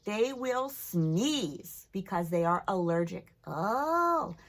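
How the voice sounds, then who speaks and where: An older woman teaching young children a phonics lesson, playful and fond of drawn-out sound demonstrations. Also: a little high, sing-song, sharp tone.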